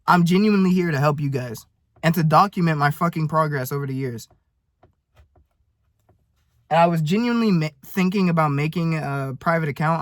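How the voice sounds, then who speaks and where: A young man of nineteen talks straight to camera in a rambling, profane video diary rant. His voice sits a little high for a man, and the recording is close and dry, with no room sound. He comes across earnest and blunt. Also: no room sound. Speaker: vlogger.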